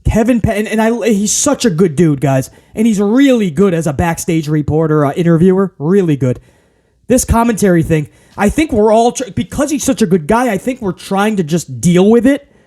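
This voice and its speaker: A man hosting a casual wrestling review, ranting in an animated, exasperated way. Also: sits high, normal speed. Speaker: podcast host.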